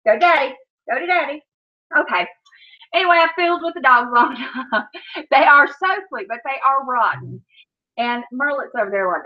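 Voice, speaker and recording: A woman's voice: sits high, lively intonation, a little fast. A woman chatting casually on a home livestream from her kitchen, scolding her dogs in baby talk between stories. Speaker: vlogger. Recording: dull lo-fi sound.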